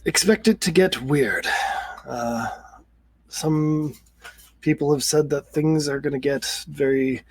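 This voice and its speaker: A man narrating as game master, describing eerie scenes in a slow, measured way. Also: fairly high pitch, husky, dry recording.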